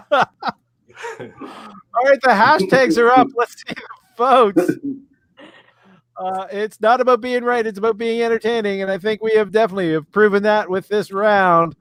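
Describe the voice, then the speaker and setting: A man moderating a live comedy debate stream, pausing often with filler sounds. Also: high-pitched, fairly even intonation, fairly bright tone, no echo. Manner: hesitant, many filler sounds.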